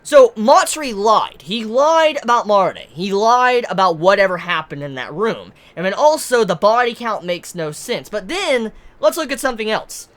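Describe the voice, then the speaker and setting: A woman giving casual, excited commentary on a manga chapter, swearing often and tripping over her words. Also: mid-range voice, moderate pace, hardly any pauses. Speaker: manga reviewer.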